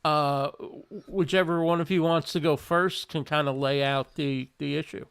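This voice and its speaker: A man hosting a live panel discussion, a bit halting between thoughts. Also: fairly high pitch, fairly even intonation, creaky, a bit bright, smooth, dry recording, clean studio sound. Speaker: host.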